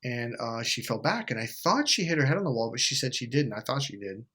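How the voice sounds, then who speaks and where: A middle-aged man hosting a self-help video, telling a blunt, swear-heavy story in an animated monologue. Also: mid-range voice, brisk, husky.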